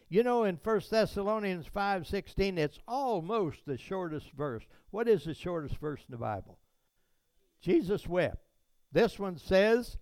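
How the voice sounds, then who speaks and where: A man's voice: high voice, gravelly, dry recording. A man preaching a sermon as pastor in a church, in a preacherly way that swells into fervent rises on words of praise.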